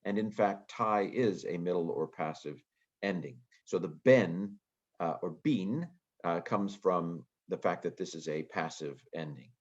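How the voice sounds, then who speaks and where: A man with a very low voice talks through Greek grammar as a casual lecture. He muses aloud and fills pauses with ums. The audio is muffled and lo-fi. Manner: relaxed, thinking aloud with frequent ums. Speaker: Greek teacher.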